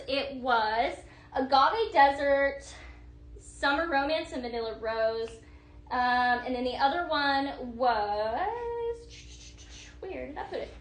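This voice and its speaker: A woman's voice: high-pitched, bright, forceful tone. A woman presenting home decor products on a live stream, gushing over each piece and chatting with her viewers.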